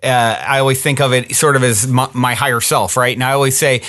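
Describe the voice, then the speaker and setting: A man's voice: medium pitch, steady tone, quick pace, few pauses, pushed and bright. A man hosting a podcast interview, chatting casually with enthusiasm and reflection. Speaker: podcast host.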